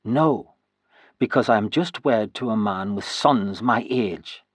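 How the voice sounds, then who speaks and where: A man reading the lines of a proud young noblewoman, newly wed as a queen, in a measured, composed way for an audiobook. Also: fairly low pitch, breathy edge, dry recording. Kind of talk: audiobook character voice.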